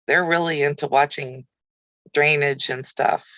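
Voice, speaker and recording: A woman's voice: low-pitched, steady tone, a little slow, pushed and bright, no room sound, low-quality recording. A woman hosting a casual livestream chat, talking easily and answering viewer comments by name. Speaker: craft channel host.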